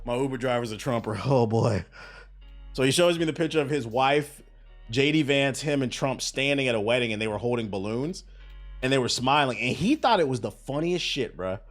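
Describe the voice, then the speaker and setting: A man hosting a casual gaming news show, telling stories in a profane, animated way. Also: medium pitch, normal speed, soft background music.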